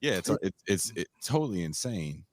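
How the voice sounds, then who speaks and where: A man's voice: low-pitched, big pitch swings, normal speed, no echo. A man hosting a podcast in casual, laid-back chat, swearing freely. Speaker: podcast host.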